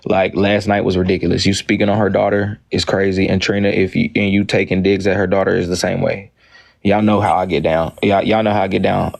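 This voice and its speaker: A man with a low, gravelly voice that stays flat and even. He talks firmly over interruptions and lays down the law bluntly, cursing freely as he moderates a heated live stream argument. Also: fairly quick.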